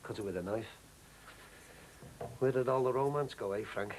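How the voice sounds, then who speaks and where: A man's voice: medium pitch, moderate pace, a little mellow, a little hiss or hum, lightly acted, low-quality recording. An actor playing a lonely middle-aged husband, rambling and hesitant as he confides. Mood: troubled. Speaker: troubled husband. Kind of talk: soap opera acting.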